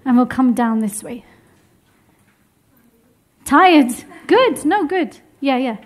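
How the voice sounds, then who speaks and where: A young woman with a high voice teaches a womb health workshop to a live group seated in a room. She takes it slowly, staying lively and encouraging and laughing often.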